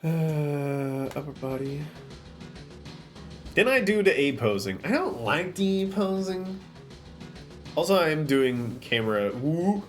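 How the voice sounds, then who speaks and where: A man's voice: fairly high pitch, expressive, slow, pauses often, soft background music. A man streaming live, chatting casually while setting up an avatar, often slipping into playful theatrical bits.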